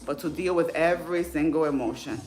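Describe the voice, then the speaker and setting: A woman's voice: low-pitched, a little fast. A woman in her thirties speaking candidly and from the heart in a casual livestream, as a fitness vlogger. Faint music plays behind her. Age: 30s.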